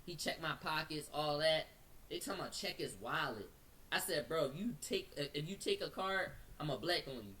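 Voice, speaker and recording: A man tells his story in a bright, forceful voice, full of slang and acted-out quotes. He sits back from the mic, and a faint hiss runs under him. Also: a little high, moderate pace, distant mic. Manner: slangy, acts out quotes, speeds up when excited. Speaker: storyteller recounting an incident. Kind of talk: animated casual storytelling.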